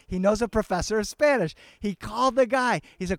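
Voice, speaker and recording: Man, live storyteller, higher pitch, dry close sound, animated bilingual delivery. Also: fairly quick, few pauses, dry recording. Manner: animated, switches between English and Spanish, acts out family voices. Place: outdoor garden festival.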